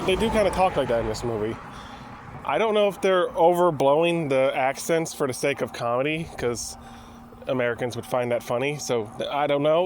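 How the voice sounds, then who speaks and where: A man's voice: medium pitch, slight background noise. Rambling man reviewing a movie. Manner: rambling, with frequent restarts. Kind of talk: casual spoken review.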